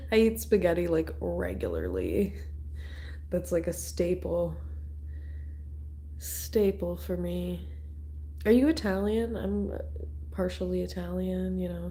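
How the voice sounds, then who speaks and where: A woman's voice: on the low side, warm tone. A young woman hosting a casual livestream, chatting with viewers by name in a rambling, swear-dotted way from her small studio apartment. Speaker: tarot livestream host.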